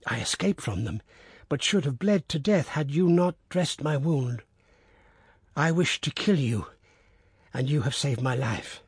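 A man voicing a wounded, bearded former enemy who confesses quietly in a weak voice in a storybook reading. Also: medium pitch, animated, unhurried, slightly rough, no echo, clean studio sound, full character voice. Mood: remorseful.

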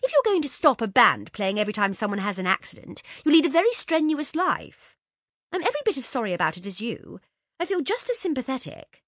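A woman reading a story aloud, voicing an impatient, condescending older sister who talks with sharp, cooing sarcasm. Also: on the high side, animated, moderate pace, hardly any pauses, slightly rough, no room sound, studio quality, pitched above the performer's own voice. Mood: sarcastic.

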